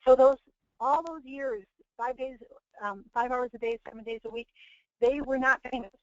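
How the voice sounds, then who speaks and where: A woman's voice: high-pitched, normal speed, dry recording. A woman presenting a motivational webinar, preaching with repeated phrases and acting out quoted people. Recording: muffled lo-fi webinar audio.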